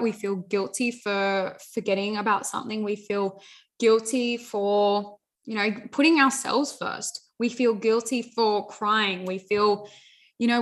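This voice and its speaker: A young adult woman giving an earnest motivational talk, repeating phrases and often saying "you know" and "like". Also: medium pitch. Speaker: self-help speaker.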